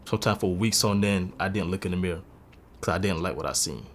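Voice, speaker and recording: A man's voice: sits low, fast talker, slight background noise. A man in his twenties telling his own life story in an earnest, confessional and emotional way. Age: 20s. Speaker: interviewee sharing a personal story. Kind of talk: candid personal testimony.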